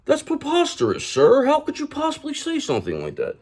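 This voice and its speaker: This is a self-important phony caught out and sputtering. The voice jumps into a thin, high falsetto full of huffy outrage. It sounds prissy and offended. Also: male voice, wildly swooping pitch, a little fast, a little mellow, full character voice. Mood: indignant. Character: pompous indignant man, self-important fake expert.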